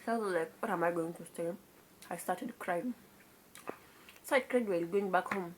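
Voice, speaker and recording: A woman's voice: on the low side, normal speed, a little hiss or hum. Chatty Kenyan woman telling a story. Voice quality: mixes in Swahili words and exclaims "kai" often. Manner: confiding, chatty retelling to viewers. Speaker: vlogger. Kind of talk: casual storytime monologue.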